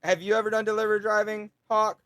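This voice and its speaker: A man's voice: high-pitched, fast, dry recording. Upbeat man telling a story on a podcast. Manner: storytelling, animated retelling with acted quotes. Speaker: podcast co-host; delivery driver. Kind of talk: casual chat.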